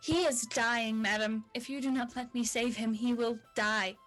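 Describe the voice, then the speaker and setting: A woman's voice: fairly high pitch, steady tone, normal speed, fairly bright tone, faint music behind, natural voice. A woman voicing a tall, stately human medic who stammers formally. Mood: flustered.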